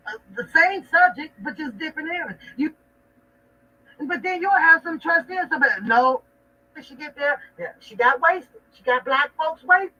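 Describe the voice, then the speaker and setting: Sharp-toned and high-voiced, this livestream host rambles through a casual, mocking, profanity-laced rant. She's off-mic and distant, so the audio comes through dull and lo-fi.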